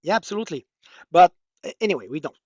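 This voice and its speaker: A man's voice: high voice, lively intonation, fast talker, a little mellow, slightly rough, no room sound, muffled recording. A man with a French accent presenting a technical workshop walkthrough, explaining with many hesitant fillers.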